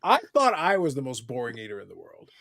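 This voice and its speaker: A man's voice: mid-range voice, wildly swooping pitch, fast, creaky, a crowd in the background. A man hosting a casual live chat show, teasing his guests and swearing casually. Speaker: podcast host.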